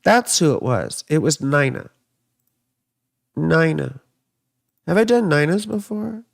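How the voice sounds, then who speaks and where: Chatty, gravelly-voiced man giving horoscope readings. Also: fairly high pitch, expressive, slow, dry recording, studio quality. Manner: chatty, rambling, digressive. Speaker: astrologer and tarot reader. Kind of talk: casual live horoscope reading. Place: home living room.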